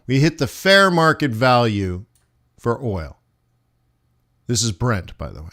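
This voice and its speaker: A man teaches forex on a live stream in an unhurried, conversational way. He keeps asking his viewers rhetorical questions as he walks through the charts, speaking into a desk mic at his computer. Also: medium pitch, sing-song, fairly bright tone. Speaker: forex trading instructor. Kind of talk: live-stream trading lesson.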